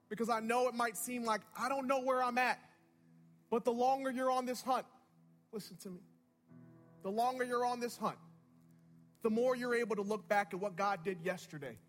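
A young man preaching a sermon, telling a story with animated energy that swings from loud to hushed. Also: very high voice, normal speed, pauses often, soft background music.

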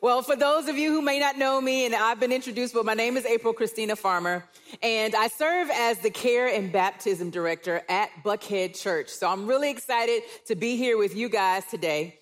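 A woman's voice: a little high, moderate pace. A middle-aged woman, giving a conversational sermon and telling family stories with playful asides. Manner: warm storytelling with playful quoted asides. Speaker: church speaker. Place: church auditorium.

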